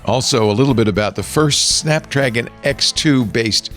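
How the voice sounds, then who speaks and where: A man's voice: mid-range voice, normal speed, a bit bright, soft background music. A man hosting a tech podcast, jokey and upbeat in casual chat. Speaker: podcast host.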